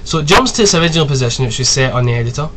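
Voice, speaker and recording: A man in his twenties giving a casual, rambling tutorial, chatty and quick to swear. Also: medium pitch, animated, noisy background. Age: 20s. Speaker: video tutorial host. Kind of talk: casual screen-recorded tutorial.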